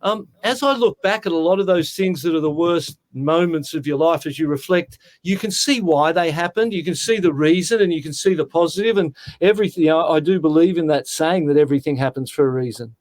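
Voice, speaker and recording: A man's voice: a little high, a little fast, few pauses, a little mellow. Earnest sixty-year-old Australian man. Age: 60s. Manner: earnest, heartfelt, keeps saying mate. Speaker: guest. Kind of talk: casual interview storytelling.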